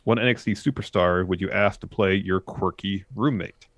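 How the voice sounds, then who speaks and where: A man co-hosting a casual wrestling chat show, relaxed and agreeable, reading viewer names and questions aloud. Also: deep voice, normal speed, no echo, clean studio sound. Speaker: podcast co-host.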